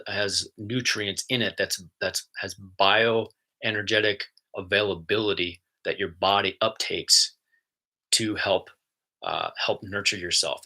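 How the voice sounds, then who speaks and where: A man's voice: lowish voice, bright, forceful tone. A man giving a casual, earnest wellness talk to viewers, rambling a little and greeting people who are watching live. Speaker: wellness vlogger. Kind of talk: casual spoken monologue.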